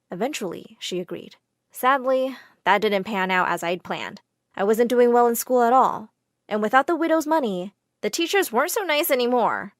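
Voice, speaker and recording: A woman narrating a first-person storytime in an expressive, dramatic way. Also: a little high, no room sound, clean studio sound.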